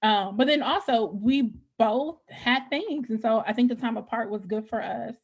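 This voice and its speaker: A woman's voice: a little high, normal speed, slightly rough, lo-fi sound. A woman guest talking candidly and casually, swearing freely and restarting her sentences with repeated words. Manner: frank, profane, repeats words as she restarts. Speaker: podcast guest.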